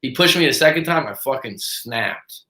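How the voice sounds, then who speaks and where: A man's voice: mid-range voice, moderate pace, roomy sound, a little hiss or hum. A man hosting a live stream as a coach, telling a story in a casual, profane way and acting out the lines of the people in it. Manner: profane, animated storyteller who acts out quotes.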